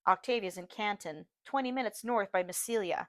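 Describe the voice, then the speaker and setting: A woman's voice: mid-range voice, moderate pace, few pauses, no echo. Brief: female reader, first-person audiobook, earnest, dry close mic. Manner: steady, earnest storytelling.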